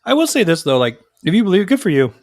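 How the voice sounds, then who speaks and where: A man's voice: high-pitched, fast talker, no room sound, studio quality. A man co-hosting a podcast, telling stories in casual banter, swearing freely and acting out other people's lines. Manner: profane, animated, acts out others' lines. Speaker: podcast co-host.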